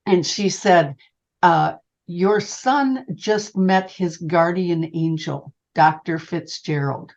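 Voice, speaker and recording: Lively older woman telling a story, lo-fi. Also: lowish voice, slow. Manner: animated, calls the listener honey. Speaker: psychic medium guest. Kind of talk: storytelling in an interview. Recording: dull lo-fi sound.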